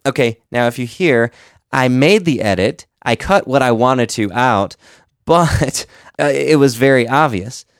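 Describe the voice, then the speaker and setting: A man's voice: medium pitch, animated, unhurried, clean tone, no room sound, clean studio sound. A man and podcast host giving casual, conversational advice on editing, explaining with examples. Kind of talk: casual instructional talk.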